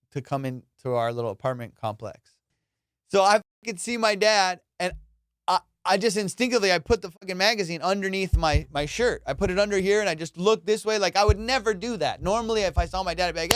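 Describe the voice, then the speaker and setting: In a dry, studio-quality recording, a young man with a clear, resonant tone recounts a profane childhood story. He's a comedian hosting a podcast, casual and animated, voicing the characters with loud, high leaps in pitch.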